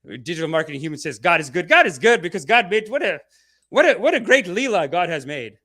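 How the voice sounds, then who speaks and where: A man's voice: high voice, very animated, quick pace, pushed and bright. A man hosting a podcast, rambling, profane and mocking in loose commentary. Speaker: podcast host.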